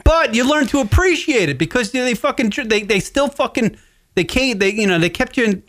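A man's voice: very high voice, lively intonation, a little fast, fairly bright tone. A man hosting a call-in radio show, ranting casually and swearing constantly as he rambles. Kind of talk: casual profane radio chat.

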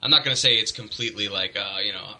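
A man's voice: on the low side, quick pace, pushed and bright, low-quality recording. A man, a guest comedian, candidly explaining how he deals with hecklers in a casual chat. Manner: candid, reflective, sometimes swearing.

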